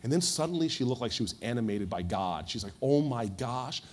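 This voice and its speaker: A man's voice: fairly low pitch, sing-song, fast. A man in his forties speaking on a conference panel before an audience, telling an anecdote with energy and often repeating a word as he starts a sentence.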